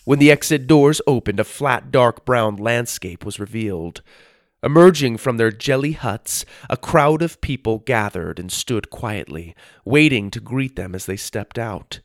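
A man reading a children's story aloud as narrator, in an expressive storytelling manner. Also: mid-range voice, a little slow, dry recording, studio quality.

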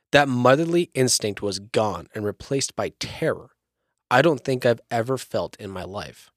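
A man's voice: medium pitch, no room sound, clean studio sound. A man hosting a podcast, reading a creepy story aloud in a storytelling narration with jokey asides. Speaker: podcast host.

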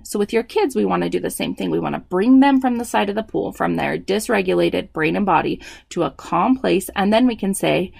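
A woman in her thirties giving parenting advice, explaining tips clearly and slipping into quoted dialogue. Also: medium pitch, expressive, fairly quick, hardly any pauses, no echo. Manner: warm explanatory, acts out quoted dialogue with kids. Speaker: parenting educator. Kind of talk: advice talk.

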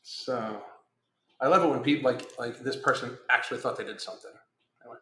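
Here the same kind of host, a middle-aged man on a casual podcast livestream, goes through chat comments with rambling, profane bluntness. His mid-range voice is a little fast, pushed and bright. A little hiss or hum sits under the roomy, echoing recording.

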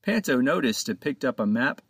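A man narrating his own children's pirate storybook in a lively, expressive reading, close to the mic. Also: mid-range voice, normal speed, husky, no room sound. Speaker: author and narrator.

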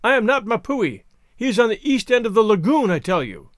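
A man's voice: high-pitched, sing-song, fairly quick, no echo, studio quality, voice pushed up. A man voicing a frightened island husband in a storybook reading, speaking in faltering, nervous tones.

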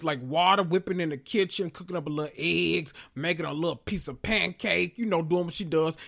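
A man hosting a casual podcast, excitable and swearing freely as he calls out to listeners, a little out of breath and sweating after a big meal. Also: a little high. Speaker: podcast host. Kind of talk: casual pop-culture recap podcast.

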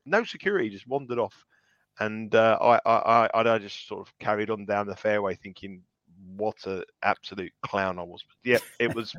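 A man's voice: on the low side, fairly bright tone, no room sound. A man co-hosting a betting podcast, telling stories in a rambling, self-mocking way with many restarts. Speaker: podcast co-host, betting tipster. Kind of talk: casual podcast chat. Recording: slightly dull lo-fi sound.

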